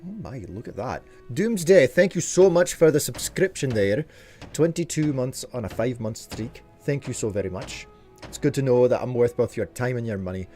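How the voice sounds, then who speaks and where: A male streamer talks at a middling pitch as he plays live, chatty and jokey. He reacts out loud to the game and talks back to his chat, with faint game music underneath. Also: animated, normal speed. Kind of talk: live gameplay commentary.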